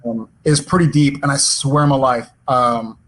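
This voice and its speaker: A man on a virtual fan panel, telling stories from set in a lively way and openly moved. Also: medium pitch, moderate pace, slight background noise. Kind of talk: casual panel chat. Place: home, on a video call.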